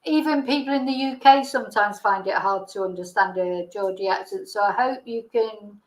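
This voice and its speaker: A woman's voice: mid-range voice, normal speed, reverberant, rough recording. A woman hosting a true-crime livestream, talking in a chatty, hesitant way with ums and restarts. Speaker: livestream host.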